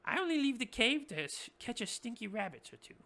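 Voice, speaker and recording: A man voicing a small, timid male goblin cook in a tabletop game, squeaky and fretful. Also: big pitch swings, brisk, creaky, sharp tone, full character voice. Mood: nervous.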